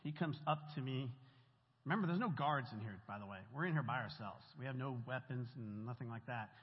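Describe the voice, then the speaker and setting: A man's voice: mid-range voice, fairly quick. A man telling a church congregation a story from his volunteer ministry in a casual, chatty way with slang. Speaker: church volunteer giving testimony. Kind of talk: testimony told to a church congregation. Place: church meeting room. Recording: echoey hall, dull lo-fi sound.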